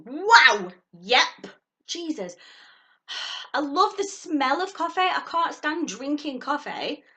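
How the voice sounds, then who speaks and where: A woman vlogging a subscription box unboxing in casual chat, gushing and excitable. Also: sits high, takes it slowly. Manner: gushing and excitable, squeals at surprises.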